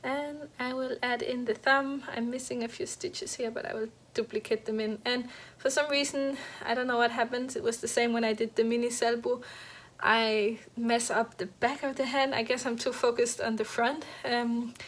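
A woman with a somewhat high voice shows off her knitting projects in a casual home chat. She talks haltingly, full of fillers and restarts. She sounds slightly out of breath as she goes. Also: level tone. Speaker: knitting podcast host. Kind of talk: casual show-and-tell chat. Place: at home next to a heater.

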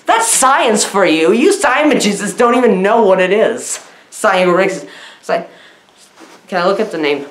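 A woman giving a comedic movie review, chatty and mock-naive, full of "like"s, in deadpan comedy style. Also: medium pitch, measured pace. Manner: mock-naive, chatty, many "like"s, lively swooping delivery. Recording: echoey room.

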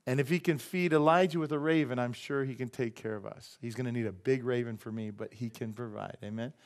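A man preaching a sermon in a church, animated and joking, acting out quick voices for the people he talks about. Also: mid-range voice. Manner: animated, acts out voices and jokes with the congregation. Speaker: pastor.

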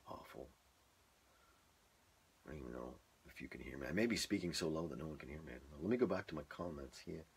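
A man's voice: rumbling low, gravelly, husky. A man in his garage practicing voice-over script reads into a microphone, repeating each line in different ways and chatting between takes. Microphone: microphone on a stand, phone in front.

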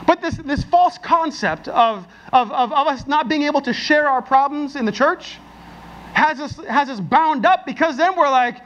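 Man, pastor, sermon, very high voice, dull lo-fi recording, chatty with many restarts. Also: moderate pace. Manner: conversational and animated, with frequent restarts and anecdotes.

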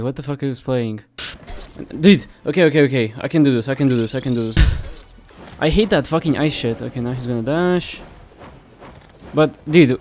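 Young guy doing gameplay commentary, medium voice, swearing nonstop, super excitable, some quiet music behind. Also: medium pitch. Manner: profane, excitable, swears constantly and reacts loudly.

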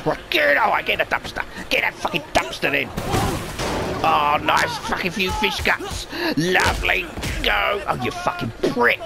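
Male let's-player, foul-mouthed and excitable, gravelly, lively pitch. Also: measured pace, over loud music. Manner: sweary, excitable, mutters to himself. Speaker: gamer. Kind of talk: profane let's play commentary.

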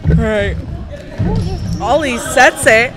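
A woman's voice: a little high, takes it slowly. A teenage girl giving casual, giggly play-by-play commentary on a school volleyball match. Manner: giggly, chaotic, lively. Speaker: student commentator. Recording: gym with loud crowd and music. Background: crowd cheering, music, ball bounces.

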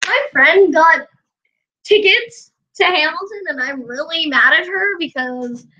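Young female gameplay narrator, high and bright tone, unhurried and giggly. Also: expressive, muffled recording. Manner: giggly, chatty, often laughing. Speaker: gameplay vlogger. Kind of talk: casual gameplay commentary.

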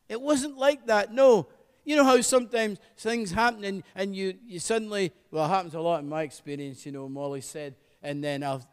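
High-voiced preaching man, fervent. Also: normal speed, clear, resonant tone, in a large hall. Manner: fervent, repeats hallelujah. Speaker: pastor. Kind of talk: sermon.

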